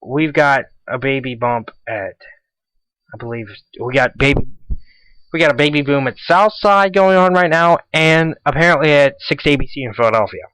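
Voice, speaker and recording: A man's voice: on the high side, moderate pace, fairly bright tone, clear, resonant tone, no room sound, low-quality recording. A teenage boy hosting a casual school radio show, rambling and repeating himself as he chats. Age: teens. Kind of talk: casual solo radio talk.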